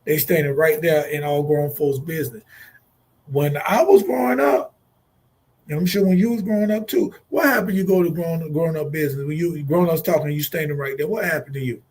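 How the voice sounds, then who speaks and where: A man with a notably high, husky voice co-hosts a talk show. He speaks bluntly and swears freely. He tells his stories with animation. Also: brisk. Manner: blunt, profane, animated storytelling. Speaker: co-host. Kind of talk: casual radio talk.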